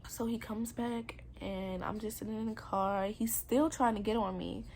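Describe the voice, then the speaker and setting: A woman's voice: medium pitch, fairly even intonation, normal speed, darkish tone, a little hiss or hum. A young adult woman telling her own story in a personal vlog, candid and earnest, with casual slang. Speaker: vlogger.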